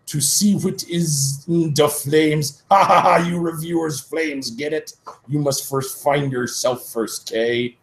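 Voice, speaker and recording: A man voicing a pompous old male wizard headmaster, slow and drawn out. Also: a little high, fairly even intonation, reverberant, voice pushed up. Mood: lecturing.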